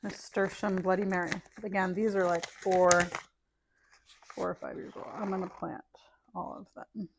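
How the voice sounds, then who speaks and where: A woman's voice: medium pitch, level tone, normal speed, vocal fry, background noise. A middle-aged woman chatting casually while planting seeds, thinking aloud and dropping to murmurs as she sorts packets. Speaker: gardening vlogger. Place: home, indoors.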